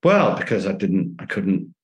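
Animated male author in an echoey room. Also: sits low, measured pace. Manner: lively anecdotes, acting out quoted dialogue. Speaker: author and guest. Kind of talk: conversational storytelling interview.

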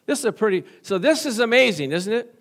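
High-voiced joking male pastor. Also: very animated, fast, a bit bright. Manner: folksy, joking, asks the congregation for amens. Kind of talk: sermon.

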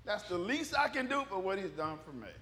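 A man's voice: high voice, sing-song, fairly quick, pushed and bright, a little hiss or hum. A male pastor preaching a conversational, folksy sermon to a church congregation, trading quips and amens with them. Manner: folksy, talks back and forth with the congregation; jokes and raises his voice when telling funny stories. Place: church service.

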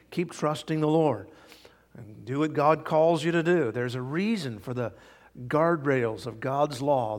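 An older man preaching a sermon as pastor, earnest and emphatic, sometimes dropping to soft asides. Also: on the high side. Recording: long reverb of a large hall.

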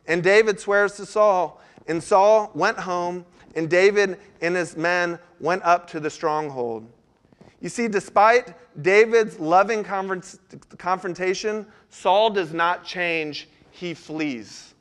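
A man delivers a sermon in a noticeably high, light voice. He talks to the congregation in an earnest, conversational way, often stopping to put questions to them. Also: unhurried, a bit bright, smooth. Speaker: pastor.

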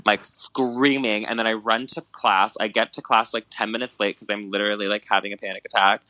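A young man in casual podcast chat, retelling events with big animated emphasis and constant filler words. His voice sits a bit low but carries a bright, forward tone. The recording is close and dry. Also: a little fast, no echo, poor audio. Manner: animated storyteller, many fillers like "like" and "um", dramatic retellings.

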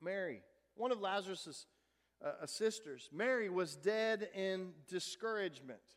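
Male pastor with a high voice: casual, folksy sermon, loud then hushed, echoing sanctuary. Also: expressive, measured pace. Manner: conversational, with folksy asides and repeated words; swings between emphatic and hushed. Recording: long hall reverb.

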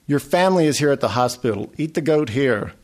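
A man's voice: mid-range voice, expressive, brisk, darkish tone, natural voice. A man reading aloud, voicing a frail, shrewd old village father haggling from his sickbed. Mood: insistent. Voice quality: phlegmy, gurgling.

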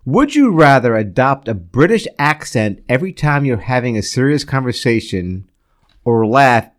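A man co-hosting a casual studio podcast, laughing often and teasing his partner. His pitch leaps around a great deal, from low grumbles to high squeaks. His voice sits at an ordinary middle pitch. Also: big pitch swings, normal speed. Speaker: podcast co-host. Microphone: studio microphone.

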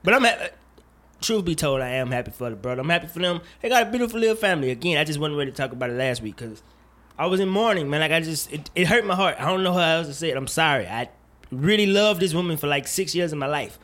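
A man hosting a casual podcast, talking in an animated, jokey way with plenty of profanity and rambling asides. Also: fairly high pitch, quick pace. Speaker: podcast host. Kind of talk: casual chat.

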